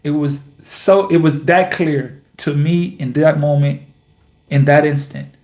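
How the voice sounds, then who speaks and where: A young man hosts his own basketball vlog, speaking. He talks in a slow, earnest, repetitive way, with long pauses between his thoughts. His voice sits a little high for a man. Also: steady tone, a little mellow. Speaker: basketball vlogger, host of the channel. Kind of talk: reflective personal vlog monologue.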